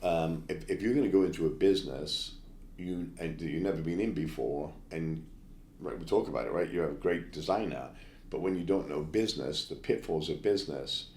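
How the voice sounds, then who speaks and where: A man with a deep, low voice tells his stories in a brisk, blunt way as an interview guest. His voice bounces around an echoey room, and faint ambient noise sits underneath. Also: a little mellow. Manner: brisk anecdotes with blunt asides. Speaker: guest chef. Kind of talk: storytelling interview.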